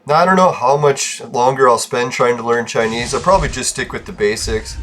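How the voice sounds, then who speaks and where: A man's voice: mid-range voice, brisk, a bit bright, a little hiss or hum. Loose, swearing man chatting casually. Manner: swears freely, laughs often, loose and chatty. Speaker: gaming channel host. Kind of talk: casual rambling chat.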